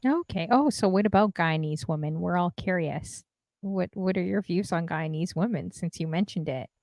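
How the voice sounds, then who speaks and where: Woman, host, casual stream chat, laughs a lot, slightly low voice, dry close sound. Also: normal speed, darkish tone, dry recording. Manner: chatty, reads out chat comments, laughs often.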